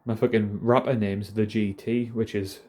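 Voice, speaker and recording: A man's voice: fairly low pitch, level tone, normal speed, dark tone. A man in his thirties with a Geordie accent, rambling casually and self-deprecatingly to camera, swearing a lot. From North East England. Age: 30s. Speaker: vlogger.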